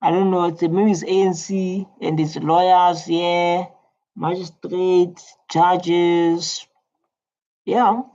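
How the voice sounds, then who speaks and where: A woman's voice: fairly low pitch, level tone, takes it slowly, mellow, highs cut off. A woman giving casual reaction commentary, rambling and repeating her words. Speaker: reaction video host.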